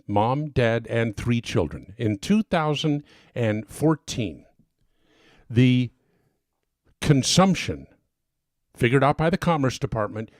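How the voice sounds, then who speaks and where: A man's voice: medium pitch, darkish tone, dry recording, studio quality. A man hosting a talk show, delivering an impassioned monologue that keeps building into emphatic bursts. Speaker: talk radio host. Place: home studio.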